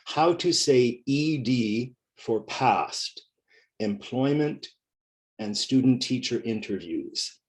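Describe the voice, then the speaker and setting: A man's voice: medium pitch, a little mellow. A middle-aged man teaching a pronunciation lesson, speaking carefully and repeating each word for learners.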